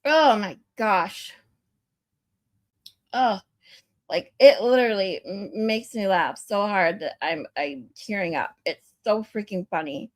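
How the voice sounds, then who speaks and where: A woman hosting a livestream in casual chat, chatty and quick to giggle. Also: mid-range voice, no room sound. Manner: giggly and chatty, laughs a lot. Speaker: livestream host.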